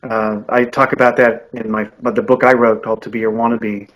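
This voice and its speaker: This audiobook narrator and coach, a man in his forties, speaks fairly quickly in a flat, mid-range voice over poor audio. Interviewed on a podcast, he gives sincere, considered answers, frequently starting over mid-thought.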